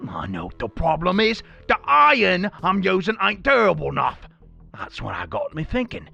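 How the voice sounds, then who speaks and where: A man putting on a brash demon blacksmith with a hammy Australian accent, high and gravelly, yelling and swooping all over the place. The voice is bright and crackly, and he talks like a loud, excitable video game craftsman. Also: normal speed, muffled recording, soft background music, heavily acted. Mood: gruff. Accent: put-on Australian. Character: brash boastful male demon blacksmith, hot-tempered. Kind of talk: reading game dialogue aloud in character.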